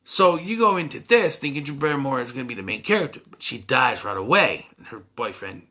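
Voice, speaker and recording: A man's voice: medium pitch, very animated, a little fast, sharp tone. A man giving a casual, rambling movie review full of fillers and restarts.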